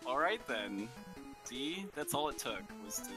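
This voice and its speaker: A man's voice: medium pitch, very animated, measured pace, loud music behind the voice. A man in his thirties chatting casually and playfully while running a game, often laughing. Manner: giggly, playful, breaks into silly voices. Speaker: speedrunner. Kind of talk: casual chat during a live run.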